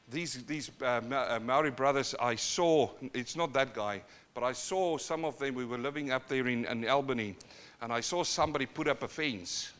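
Man, pastor, New Zealand accent, South African-born, live church sermon, dramatic swings in loudness. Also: medium pitch. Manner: swings from quiet to loud urging, dramatic. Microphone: live sermon recording.

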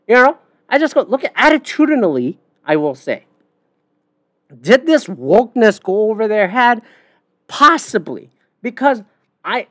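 A woman's voice: mid-range voice, no echo, studio quality. Heated, profane woman ranting. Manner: profane, heated, blunt, full of fillers. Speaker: podcast host. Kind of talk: casual opinion rant.

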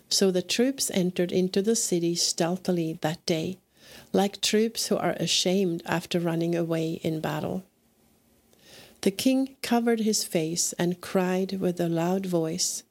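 A woman reads scripture aloud at a very unhurried pace, every phrase given its own space. Her voice sits a little low with plenty of gravelly fry at the ends of lines. The delivery is measured and deliberate, like a daily podcast reading. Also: a little mellow. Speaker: scripture reader.

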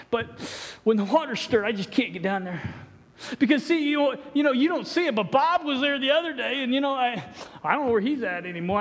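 A man's voice: extremely high pitch, a bit bright, voice pushed up. A preacher putting on a whiny excuse-making man. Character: whiny complaining lame man, middle-aged. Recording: echoey hall reverb.

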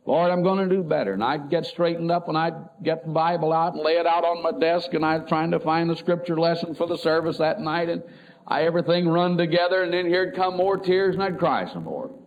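A middle-aged man, a pastor, telling an emotional personal story in a sermon, swinging between loud and soft. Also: on the high side, brisk. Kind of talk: sermon testimony. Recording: tinny phone-like lo-fi recording.

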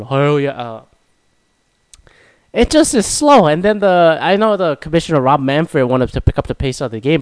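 A man's voice: a little high, darkish tone, dry recording. A young man from Korea, hosting a casual solo talk and ranting profanely with self-mocking asides. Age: young adult.

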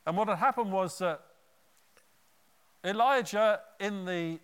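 A male preacher delivers a sermon, retelling the story in an animated way with conversational asides. His voice is clear and smooth, slightly high, and paced slowly. A long reverb from a large hall hangs on every phrase.

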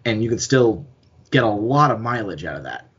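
A man's voice: fairly low pitch, big pitch swings, moderate pace, a bit bright, breathy edge, highs cut off. A man co-hosting a podcast, talking casually and rambling as he thinks aloud. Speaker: podcast co-host. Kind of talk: casual chat.

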